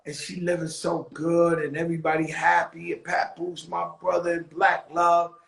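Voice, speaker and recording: A man hosting a talk show, telling stories in a loose, profane street-talk style that slows into motivational preaching. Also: a little high, completely flat delivery, creaky, a bit bright. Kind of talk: casual storytelling monologue. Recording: echoey room.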